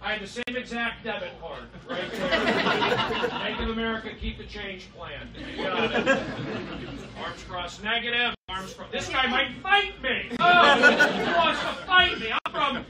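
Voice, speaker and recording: Erratic stand-up comic in a roaring club. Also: male voice, sits high, lively intonation, moderate pace. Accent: Californian. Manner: erratic, riffing with the crowd, swinging loud and soft. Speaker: stand-up comedian. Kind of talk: live stand-up set. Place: comedy club stage. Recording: roomy, distant live club recording. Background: loud crowd laughter and noise.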